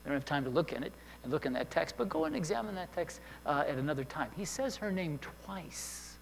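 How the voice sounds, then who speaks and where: Delivering a conversational sermon, a man speaks briskly in a slightly high, expressive, creaky voice. He keeps checking in with the congregation and restarting his sentences, all under long hall reverb and faint hum.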